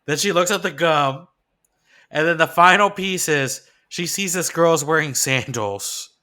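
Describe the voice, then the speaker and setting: A man with a very bright, fairly high voice chats loosely on a podcast. He muses aloud and lets his sentences trail off into quiet asides. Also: unhurried. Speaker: podcast co-host. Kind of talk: casual chat.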